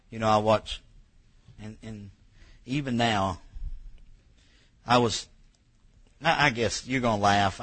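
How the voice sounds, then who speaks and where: Husky, bright-toned folksy preacher man. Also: medium pitch, poor audio. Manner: folksy, emotional storytelling, rising to near tears. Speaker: pastor. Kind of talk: sermon.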